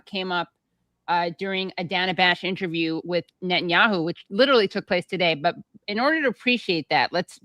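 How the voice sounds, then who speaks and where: A woman's voice: medium pitch, fairly bright tone, no echo. Chatty, sardonic woman podcast host. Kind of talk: casual political chat.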